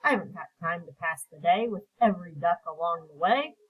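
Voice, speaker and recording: A woman voicing a big, boastful male dump truck in a hurry, speaking loudly and bossily in a storybook read-aloud. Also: fairly low pitch, animated, a little fast, slightly rough, narrow, tinny audio. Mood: bossy.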